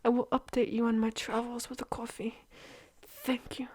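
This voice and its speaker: A woman voicing a delighted coffee reviewer in a put-on accent, softly spoken. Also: fairly high pitch, flat delivery, moderate pace, lightly acted. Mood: gushing.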